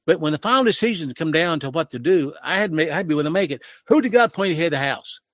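A man's voice: a little high, lively intonation, very fast, fairly bright tone, no room sound, clean studio sound. An older man in his sixties giving emotional, preachy commentary in a sermon-like style, with his voice rising when he gets worked up.

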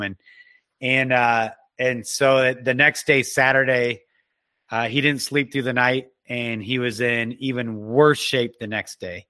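Bright, earnest man telling a testimony. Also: medium pitch, flat delivery, no echo. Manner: earnest, halting, with frequent restarts. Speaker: guest telling a personal story. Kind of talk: emotional personal testimony.

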